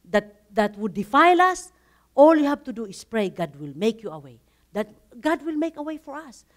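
A woman with a fairly high voice leads a Bible study. She tells earnest personal stories about forgiveness, breaking into laughter now and then.

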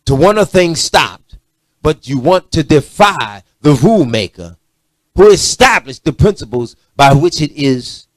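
A middle-aged man preaching a sermon, swinging from loud emphatic lines to low muttered asides. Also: sing-song, a little slow, no room sound. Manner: preachy, rising to shouts and dropping to low asides.

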